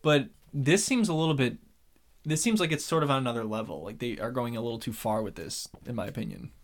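A man in easy conversation, recapping reality TV with a laugh in his voice. His pitch sits mid-range, and he slips into raised, exaggerated voices when he quotes someone. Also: expressive, fast. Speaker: podcast co-host. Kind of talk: casual reality-TV recap chat.

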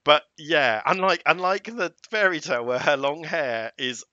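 A man's voice: a little high, moderate pace, bright, forceful tone, no echo, highs cut off. A middle-aged man from England chatting casually as a podcast co-host, often tagging his remarks with questions. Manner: chatty, asks tag questions. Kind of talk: casual chat.

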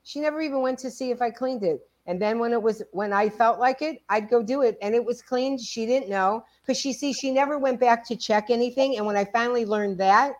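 A woman in her sixties co-hosting a podcast, telling stories in a casual, animated way. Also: a little high, a little fast, hardly any pauses. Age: 60s. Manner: animated storytelling, acts out quoted dialogue. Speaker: podcast co-host. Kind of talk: casual conversation.

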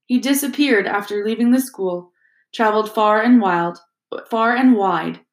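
Reading a storybook aloud, a woman voices a kindly old wizard headmaster, speaking softly, calmly and with gentle amusement, so he comes across as patient, warm-hearted and softly twinkling. Her medium-pitched delivery is unhurried, lightly acted and gentle in mood, and the recording rings with a roomy echo.

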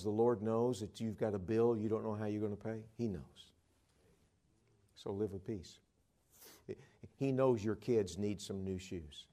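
A man preaching a sermon, telling stories and swinging between loud emphatic lines and hushed ones. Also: mid-range voice.

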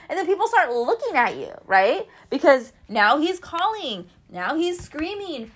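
A woman's voice: very high voice, expressive, moderate pace, sharp tone. A woman in her mid-thirties chatting casually to her viewers at home, ranting and swearing freely. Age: 30s. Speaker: vlogger. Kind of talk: casual chat to camera. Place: at home, kitchen sounds.

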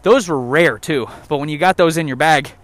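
Walking a trail outdoors, a young vlogger rambles, jokes, and swears a lot in a casual rant. His voice is fairly high-pitched and moves at a moderate pace.

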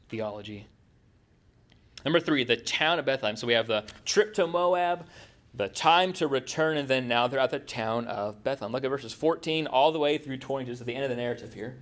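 Conversational male pastor preaching. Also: mid-range voice. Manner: conversational, asks the congregation questions. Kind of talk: sermon.

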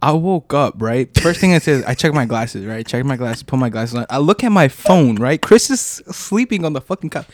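A man's voice: medium pitch, animated, normal speed, few pauses, no room sound, clean studio sound. A young man co-hosting a podcast, telling rambling party stories with lots of swearing and laughter. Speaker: podcast co-host. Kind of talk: casual chat.

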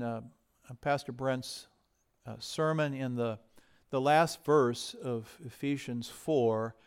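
A man preaching a sermon in a conversational way, rising to loud emphasis and dropping to hushed whispers. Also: on the high side, clean tone. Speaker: pastor.

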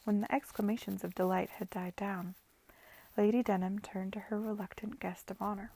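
A woman's voice: mid-range voice, flat delivery, moderate pace, creaky, warm tone, husky. A woman reading a novel aloud to friends, casually, often stumbling over words and correcting herself. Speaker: reader.

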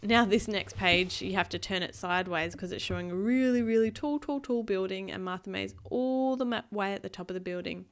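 A woman, a parent, reading a picture book aloud to her child in a playful, animated way and describing the pictures. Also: medium pitch, brisk, hardly any pauses.

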